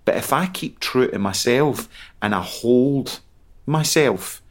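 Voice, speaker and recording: A man with a Scottish accent, calmly explaining his ideas in a chat. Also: medium pitch, slow. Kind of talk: casual chat.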